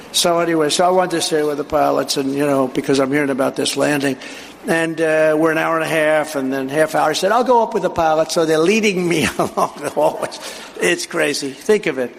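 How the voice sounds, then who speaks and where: A man's voice: a little high, creaky, a bit bright, a little hiss or hum. A man giving a rambling, anecdotal speech at a live event, boastful and digressive, acting out dialogue as he tells the story. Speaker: political speaker at a live event.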